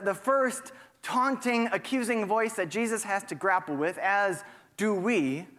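A man's voice: sits high, a bit bright, long reverb tail. A male pastor preaching a reflective sermon in a church sanctuary and posing rhetorical questions to his listeners.

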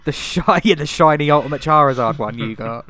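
A young man in casual chat, laughing and swearing through relaxed banter. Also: on the high side, a little fast.

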